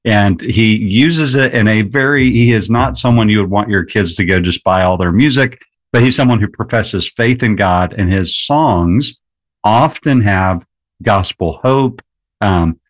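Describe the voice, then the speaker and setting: A man speaking as a radio guest, talking in an earnest, reflective manner about a song. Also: fairly low pitch. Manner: earnest, reflective, laughs easily. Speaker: guest, blogger. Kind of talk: casual radio conversation. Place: radio studio. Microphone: studio microphone.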